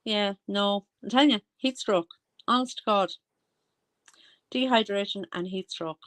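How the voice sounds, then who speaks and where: A woman's voice: mid-range voice, measured pace, a bit bright. A woman with an Irish accent giving casual, rambling commentary and often losing her train of thought. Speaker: commentary vlogger.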